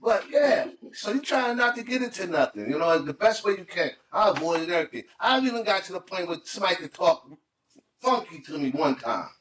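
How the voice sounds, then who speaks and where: A man's voice: high-pitched, fairly quick, slight background noise. A middle-aged man in casual chat, telling stories and acting out the voices of the people in them. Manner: animated, acts out quotes in voices. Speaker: podcast co-host. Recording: echoey room, mic at a distance.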